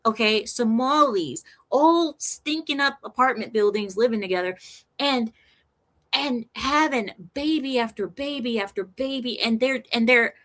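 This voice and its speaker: A woman delivering an opinionated, sarcastic commentary monologue, animated and often breaking into laughter. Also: fairly high pitch. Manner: sarcastic, mocking. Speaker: vlogger.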